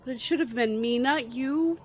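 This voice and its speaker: A woman playing in a tabletop game, speaking for her character in an emotional, expressive way. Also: high voice, moderate pace, slight background noise. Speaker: player. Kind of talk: casual tabletop play.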